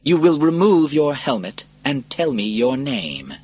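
A cruel Roman emperor drawls his words slowly, mocking and sly, as a man reading the story puts him on. The voice sits well above the reader's own, with a husky grain. It is a figure in a read-aloud storybook. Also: on the high side, wildly swooping pitch, faint music behind, voice pushed up, exaggerated voice. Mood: cold.

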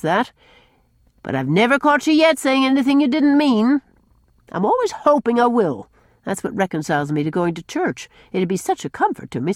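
A woman's voice: mid-range voice, dry recording, studio quality, lightly acted. A woman playing a blunt, teasing old man. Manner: gruff, bold and teasing. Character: blunt loud older man who baits parsons.

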